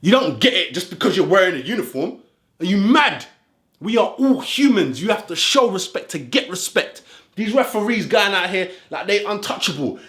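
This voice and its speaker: Man, football vlogger, heated ranting reaction, high animated voice, roomy echo. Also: normal speed. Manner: animated, ranting, street slang.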